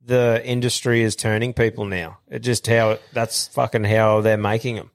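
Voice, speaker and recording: Blunt, swearing podcast host. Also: male voice, on the low side, level tone, normal speed. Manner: blunt, swearing, laid-back. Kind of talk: casual chat.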